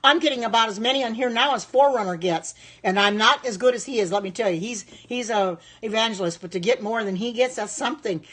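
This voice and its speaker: A woman's voice: fairly high pitch, quick pace, few pauses, a bit bright. Chatty woman in her sixties, live-streaming. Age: 60s. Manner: chatty, reacts to viewer comments aloud; devout, thankful. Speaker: home cook live-streaming. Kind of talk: live-stream chat with viewers.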